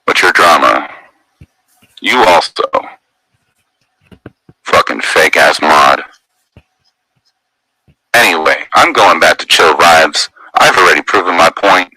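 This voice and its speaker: A man hosts a livestream, ranting in a tense, sharp-edged voice that sits slightly low. He argues defensively and swears constantly. The sound is dry and close. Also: expressive, unhurried, pauses often, no room sound, poor audio. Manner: angry, profane, defensive ranting. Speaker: livestream host. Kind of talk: heated livestream argument.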